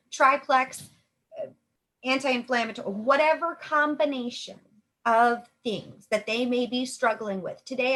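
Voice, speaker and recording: A woman's voice: fairly high pitch, a bit bright. A young adult woman talking from home, coaching in a chatty, upbeat way and acting out sample sales conversations. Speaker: network marketing coach. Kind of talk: casual coaching talk.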